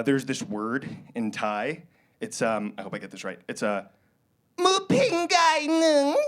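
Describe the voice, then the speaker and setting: A young man doing a live stand-up set on a club stage with a handheld mic, awkward and self-deprecating with absurd deadpan jokes. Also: mid-range voice, slight background noise. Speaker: stand-up comedian. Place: comedy club stage, indoors. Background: loud walk-on music at times.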